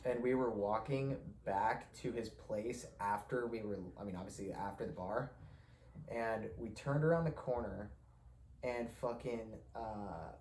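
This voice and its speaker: With a lowish, somewhat mellow voice at a moderate pace, a young podcast host of Mexican heritage tells a loose, profane story full of laughter. It's recorded in an echoey room with faint ambience and a little background noise.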